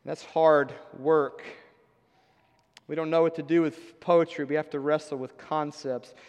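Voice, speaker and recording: A man's voice: on the high side, steady tone, a little slow, darkish tone, clear, resonant tone. A man preaching a sermon in a conversational, emphatic way, with wry asides. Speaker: pastor. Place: church sanctuary. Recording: long hall reverb.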